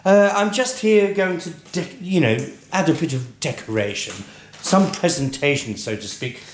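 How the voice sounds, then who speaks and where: A man's voice: a little high, moderate pace, echoey room, slight background noise, lightly acted. A man playing a posh, tipsy middle-aged British lady who hosts a cooking show, plummy and chatty, calling everyone darling.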